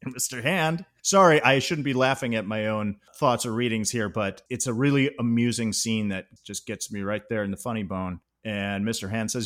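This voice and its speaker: A man's voice: fairly low pitch, moderate pace, hardly any pauses, fairly bright tone. A man co-hosting a casual movie discussion, who laughs often while retelling scenes. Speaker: podcast co-host.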